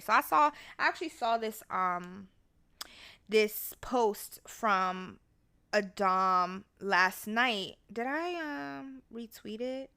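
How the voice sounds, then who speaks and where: A woman's voice: medium pitch, bright, forceful tone, clear, resonant tone. A young woman hosting her own podcast, talking casually and profanely, and breaking into song now and then. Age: young adult. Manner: chatty, profane, bursts into song. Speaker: podcast host. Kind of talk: casual solo podcast chat.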